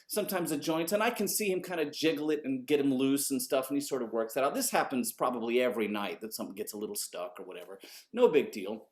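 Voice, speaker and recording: A man, an orchestra conductor, telling a story in an animated, conversational way and swearing casually. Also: mid-range voice, fast talker.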